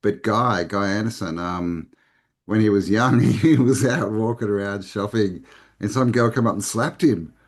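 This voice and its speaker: Low-voiced, rambling Australian man. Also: measured pace. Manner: relaxed, rambling with frequent restarts. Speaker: podcast guest. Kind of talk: casual conversation.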